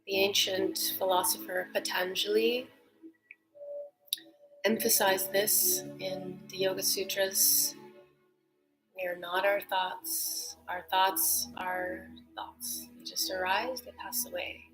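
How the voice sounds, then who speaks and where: A woman leading a guided breathing meditation, soft-spoken and calm, often drifting into whispers, then gently teaching. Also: medium pitch, takes it slowly, over music, rough recording.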